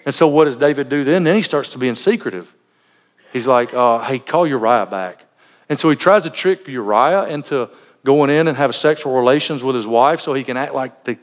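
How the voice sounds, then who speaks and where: A man preaching a sermon as a pastor, earnest and conversational, weaving in personal anecdotes. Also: mid-range voice. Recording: dull lo-fi recording in a reverberant hall.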